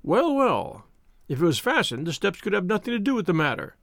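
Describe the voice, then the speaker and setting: A man voicing a stout, pompous police inspector in an audiobook, with a husky, wheezing voice and a loud, boastful manner. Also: high voice, very animated, a little fast, no echo, full character voice. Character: stout blustering middle-aged police inspector. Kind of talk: audiobook character voice.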